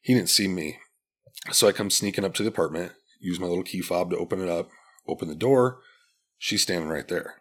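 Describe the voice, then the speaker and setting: His voice sits low and fairly bright, and he talks fairly quickly. A man in his forties appearing as a podcast guest, he shares a personal story in a casual, blunt, candid, profane way, often starting over.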